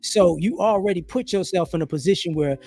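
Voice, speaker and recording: Speaking quickly in a voice that sits high, a man hosts a live stream where he tells stories, gives opinions, and acts out what others said. Soft background music accompanies his animated, casual commentary on a home streaming setup.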